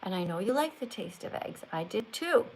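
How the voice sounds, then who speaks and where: A woman's voice: mid-range voice, very animated, moderate pace, vocal fry, slight background noise, rough recording. An older woman hosting a live stream, talking like a strict teacher who corrects and lectures. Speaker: livestream host.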